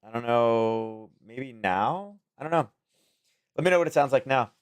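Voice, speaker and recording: Male stream host, slightly hoarse, casual rambling delivery, close-miked at home. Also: mid-range voice, expressive, normal speed. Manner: rambling, thinking aloud, chuckling asides. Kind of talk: casual livestream chat. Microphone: close-up desk microphone.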